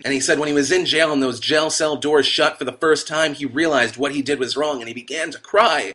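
A man's voice: fairly high pitch, bright, forceful tone. A man hosting a comedic news vlog to camera, sarcastic and irreverent, slipping into mock voices. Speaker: vlogger.

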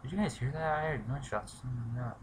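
A man giving let's play commentary, muttering to himself and swearing, breaking into shouts when things go wrong. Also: medium pitch, a little fast, slight background noise. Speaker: gamer.

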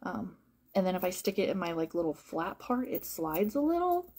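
A woman who works as a home-fragrance consultant, talking casually to viewers in a rambling, animated way with lots of fillers and repeated phrases. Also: on the low side, moderate pace, husky. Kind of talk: casual live-stream chat to viewers.

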